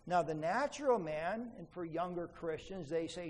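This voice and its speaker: A pastor delivering a sermon, his voice pitched a little high and carrying a long reverb through a church sanctuary. He swings between emphatic, pleading rises and quiet, low asides, with faint room ambience underneath. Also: animated, normal speed, few pauses, slight background noise.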